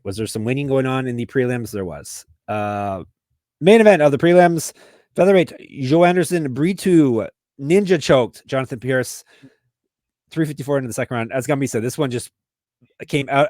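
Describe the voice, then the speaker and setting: A man co-hosting a sports betting podcast, reading sponsor ads briskly and breaking down fights in relaxed banter. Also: medium pitch, no room sound, studio quality. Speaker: podcast co-host.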